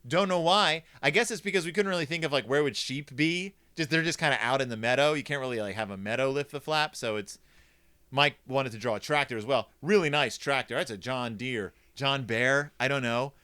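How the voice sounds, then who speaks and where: A man's voice: mid-range voice, fairly quick, bright, forceful tone, clean tone. A man hosting a comedic review of a children's book, talking in a snarky, rambling way.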